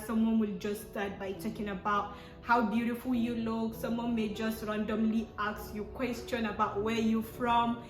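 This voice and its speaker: A young Nigerian woman with a Nigerian accent telling stories to camera in a casual, animated way, often exclaiming and acting out both sides of conversations. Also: fairly high pitch. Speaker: vlogger. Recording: echoey room with soft piano music.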